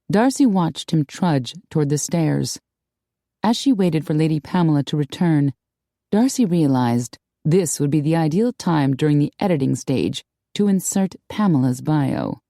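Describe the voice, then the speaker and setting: Low, mellow woman narrating an audiobook. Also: no echo, clean studio sound. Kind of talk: scripted narration.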